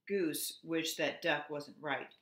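A woman preschool teacher at home, gently and expressively reading a picture book aloud to children. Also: low voice, steady tone, slow pace. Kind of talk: storybook read-aloud for children. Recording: roomy home echo.

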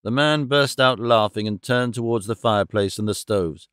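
A man narrating a classic novel audiobook in an even, steady storytelling manner. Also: fairly low pitch, moderate pace, few pauses, clean tone, no echo, studio quality.

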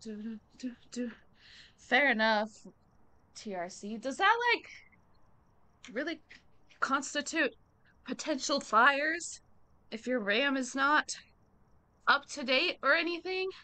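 A woman's voice: sits high, takes it slowly, long pauses, sharp tone. A woman streaming a game live, chatting casually and slangily with her viewers and humming idly between remarks. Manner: slangy, talks straight to chat.

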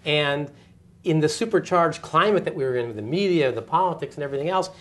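An older man giving an oral history interview, telling stories with energy and acting out the people he quotes. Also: a little high. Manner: animated storyteller, quick, acts out quoted voices with laughs. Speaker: interviewee, former communications director. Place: office interview setting.

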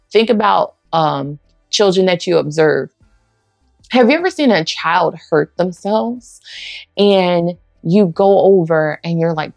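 A woman's voice: fairly low pitch, creaky, a little mellow, no echo. A woman giving a heartfelt personal testimony at church, talking in a conversational way and acting out bits of dialogue. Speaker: women's ministry speaker.

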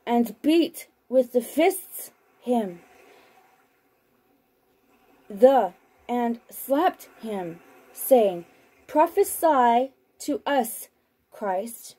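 A woman reads scripture at a very slow, deliberate pace. Her voice is mellow and slightly high. She sounds like she is hosting a broadcast from home. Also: expressive, poor audio. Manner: slow, deliberate reading; chatty and laughing on the phone. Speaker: host reading scripture.

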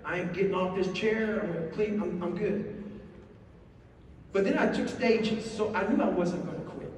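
A man telling a story on stage in a blunt, profane, animated way, heard in a large hall. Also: high-pitched, normal speed. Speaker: speaker. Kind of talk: live storytelling talk. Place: large hall before an audience. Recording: echoey hall from far off, faint noise.

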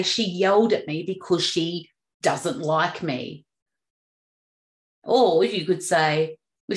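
A woman's voice: mid-range voice, reverberant. A woman hosting a self-help podcast, talking in a casual, chatty way and laughing now and then. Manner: chatty, laughs at her own stories. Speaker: podcast host.

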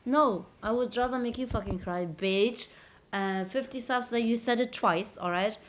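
A woman's voice: on the high side, moderate pace, slight background noise. A woman livestreaming casually on a laptop mic, brash and profane, bickering with her chat. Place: indoors at a laptop.

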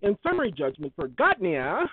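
A man's voice: high-pitched, wildly swooping pitch, normal speed, slightly rough. A man hosting his own video, talking casually and emphatically as he reads out parts of a court ruling. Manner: emphatic, repetitive, preachy. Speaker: online video host. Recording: tinny phone-like sound.

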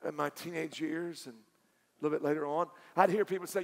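A man with a Southern accent preaching a sermon, moving from quiet storytelling to loud, emphatic climaxes. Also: fairly high pitch, fairly even intonation, normal speed, vocal fry. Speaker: pastor. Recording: long hall reverb with faint music.

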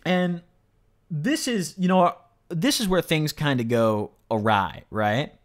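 A man spinning a casual storytime monologue, his voice swinging up and down with lots of lively pitch movement. He rambles, leaning on "like", "you know" and tag questions. He swears freely for emphasis. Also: slow. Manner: rambling, fills speech with "like", "you know" and "right?". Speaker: storyteller vlogger.

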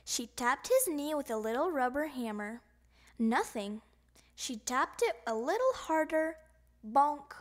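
A woman narrating a children's picture book in an expressive, sing-song way. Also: high-pitched, unhurried. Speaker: storybook narrator. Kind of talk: children's audiobook reading.

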